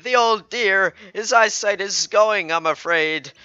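A man's voice: sits high, takes it slowly, sharp tone, clear, resonant tone, no echo, dull audio, voice pushed up, exaggerated voice. A man voicing a fussy elderly woman in a video game who gushes about her husband. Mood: doting.

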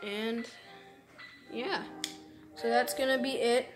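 A woman giving casual commentary over a video game, chatty and quick to exclaim and groan in frustration. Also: fairly high pitch, fairly even intonation, rough recording. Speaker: let's play gamer. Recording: game music playing behind.

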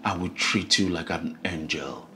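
A Nigerian actor playing a controlling husband in a film drama, talking slowly and swinging from hushed pleading to loud outbursts. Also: male voice, low-pitched, soft background music. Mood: coaxing. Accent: Nigerian English. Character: resentful controlling husband, man, adult.

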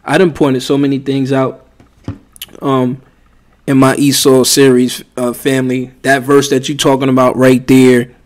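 A man's voice: mid-range voice, monotone, a little slow, a little mellow. A man who teaches religion, giving rambling, heated casual commentary with frequent restarts.

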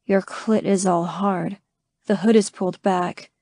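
Give me a soft, low, commanding young man, read by a woman narrator, with a dark, dry voice. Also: fairly even intonation, measured pace, no echo. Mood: murmuring.

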